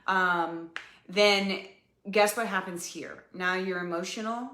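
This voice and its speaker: A woman's voice: mid-range voice, takes it slowly, pushed and bright. Woman, podcast host, casual coaching talk, filler-heavy, roomy echo. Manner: chatty, repetitive, many ums and "you guys".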